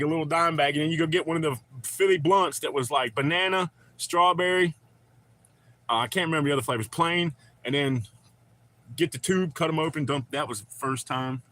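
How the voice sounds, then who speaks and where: A man's voice: a little high, bright, forceful tone. A man, chatting loosely and profanely with viewers on a live stream. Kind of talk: casual live-stream chat.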